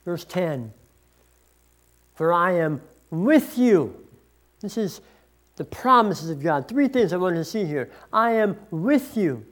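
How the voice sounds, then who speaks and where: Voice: medium pitch, very animated, takes it slowly, pauses often. A pastor preaching a sermon, reading scripture passages aloud with emphasis and explaining them.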